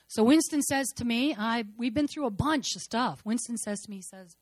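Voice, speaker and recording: A woman gives an emotional church testimony to a congregation in a fervent, repetitive cadence, her voice rising to loud declarations and then falling to near-murmurs. Her pitch is on the high side and her pace moderate, with dry, close sound and no room echo.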